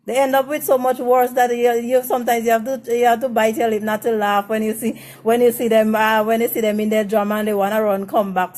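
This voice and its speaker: A woman's voice: fairly high pitch, little pitch movement, darkish tone. A woman hosting a casual advice talk, blunt and frank, stumbling over and repeating her words. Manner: greets viewers by name in a slow sing-song. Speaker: host of a relationship advice show.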